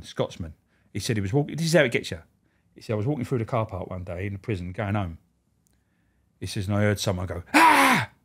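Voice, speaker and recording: Man, 50s, lowish voice, animated storyteller, swears a lot. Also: husky. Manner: animated, acts out quoted voices. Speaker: former prison officer.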